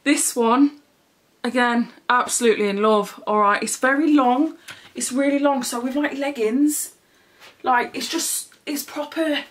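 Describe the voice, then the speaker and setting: Speaking at a measured pace in a high voice, a woman runs through a try-on haul of clothes as a fashion vlogger. Her talk is frank and full of swearing, she's frequently a little breathless, and "do you know what I mean" comes up constantly.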